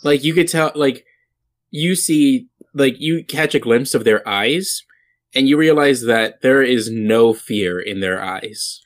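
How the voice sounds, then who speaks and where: This is a man running a tabletop game as its game master. His pitch sits at an everyday middle, and he narrates casually, stopping and restarting often around plenty of fillers. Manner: halting, many fillers and restarts.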